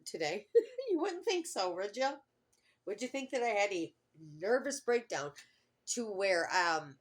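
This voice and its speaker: A middle-aged woman with a fairly low voice, chatting straight to her camera. She rambles in a heartfelt way, drifting off and restarting her thoughts. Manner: rambling and heartfelt, trails off often. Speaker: vlogger. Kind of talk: casual personal vlog.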